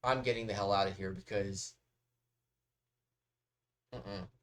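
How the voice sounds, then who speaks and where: A man's voice: fairly low pitch, steady tone, measured pace. Rambling man hosting a reaction video. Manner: rambling, talkative, swears casually. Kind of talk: casual reaction commentary.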